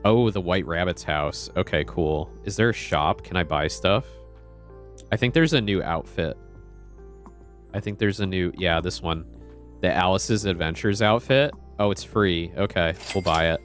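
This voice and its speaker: A man's voice: low voice, unhurried, soft background music. Chatty man streaming a game. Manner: chatty, easily flustered, laughs often. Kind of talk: casual live-stream chat.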